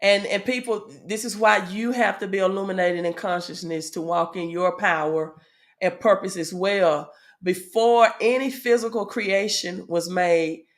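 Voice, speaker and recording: This woman's lowish voice carries a Southern US accent as she delivers a casual spiritual teaching. She says "um" a lot and frequently turns to her audience with "right?"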